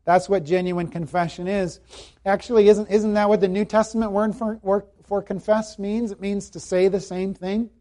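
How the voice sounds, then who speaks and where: A man preaching a sermon, earnest and emphatic, repeating key phrases and dropping to a hushed voice when quoting scripture. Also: sits high, flat delivery, normal speed. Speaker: pastor.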